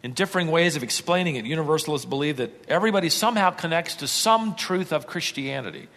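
Man, pastor, sermon, emphatic, bright forceful voice, long church reverb. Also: on the high side, quick pace. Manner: emphatic, rising to forceful peaks.

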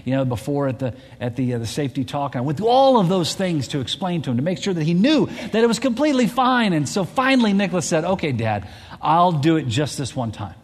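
High-voiced storytelling pastor man. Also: fast, hardly any pauses. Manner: animated, repetitive restarts. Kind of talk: sermon storytelling. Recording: long hall reverb.

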